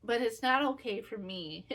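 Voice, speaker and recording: A woman's voice: a little high, expressive, unhurried, fairly bright tone. A woman in her fifties hosting a knitting podcast, talking candidly and self-critically in a rambling, casual way. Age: 50s. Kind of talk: casual personal chat.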